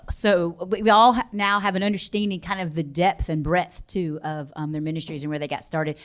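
A woman's voice: lowish voice, fairly even intonation, a little fast. A woman hosting a church class, encouraging the panel and asking for practical advice. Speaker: class host and moderator. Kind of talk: moderating a panel discussion.

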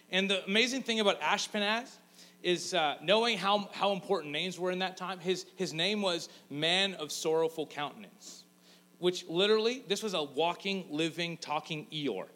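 A man gives a sermon in a relaxed, chatty way, joking as he goes. His voice sits a little high, and he breaks into voices for the people he talks about. A faint mains hum runs underneath. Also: normal speed. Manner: casual, joking storyteller who acts out voices. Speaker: pastor.

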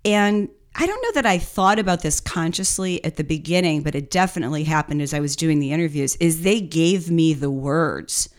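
Co-hosting a business podcast, a woman chats through her story in a relaxed style, using fillers and laughing lightly. Her low voice is expressive, she moves at a moderate pace, and she barely pauses.

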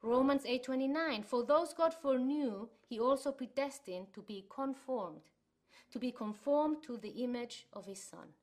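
A woman's voice: sits high, moderate pace. A woman from Chile giving an earnest sermon to an online church congregation, telling stories as she teaches. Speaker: church speaker.

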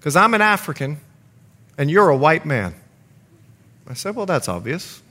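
A man's voice: a little high, moderate pace. A middle-aged man preaching a sermon as pastor, telling stories with acted-out quotes. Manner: storytelling with lively acted quotes.

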